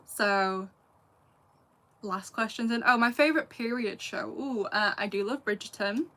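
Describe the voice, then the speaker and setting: Speaking a little slowly, this woman has a medium pitch and a sharp tone. She's English, in her late twenties, with a Lancashire accent carrying a slight Scouse flavour. As a YouTuber answering her live chat, she chats casually, laughs often and slips into asides.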